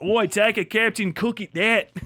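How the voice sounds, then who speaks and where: A silly, mocking bloke with a fake British-Australian accent, put on by an American man. He talks in an exaggerated, sing-song way with a high voice. The sound is dry and close. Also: fairly even intonation, moderate pace, pushed and bright, dry recording.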